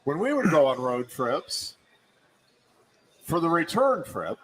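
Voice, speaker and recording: Middle-aged male sports radio co-host, steady and wry, casual. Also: a little high, slow pace, slightly rough, poor audio. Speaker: co-host, wrestling play-by-play voice.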